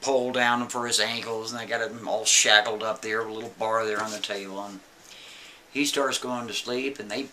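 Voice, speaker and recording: A man telling a story in a casual, chatty way, with animated asides. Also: on the low side, moderate pace, a little hiss or hum.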